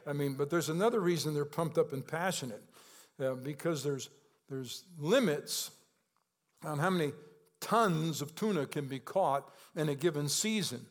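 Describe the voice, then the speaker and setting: Guy preaching a sermon, kinda high voice, chatty, gets louder n higher when he's making a point. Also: animated, normal speed. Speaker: pastor.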